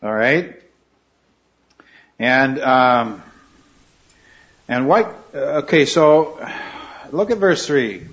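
A man's voice: mid-range voice, expressive, very slow, long pauses, a bit bright. A man leading a Bible study class, asking questions and repeating the students' answers. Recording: slightly dull recording.

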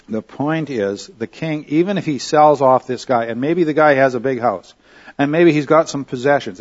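A man's voice: mid-range voice, muffled recording. A man teaching a Bible study lesson in a conversational way. He often checks in with his listeners with "okay?" and "all right?".

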